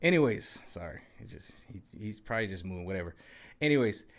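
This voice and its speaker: A man's voice: on the low side, animated, fast talker. A man in his forties talking casually to camera in a rambling, conversational way, often checking in with his viewers. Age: 40s. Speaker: vlogger.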